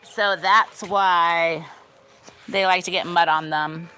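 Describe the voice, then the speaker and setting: Fairly low and steady, a young woman's bright, forceful voice moves slowly as she gives a backyard tour for her vlog. She rambles casually, packing in "like" and "you know," and keeps pausing outdoors to chat with her animals.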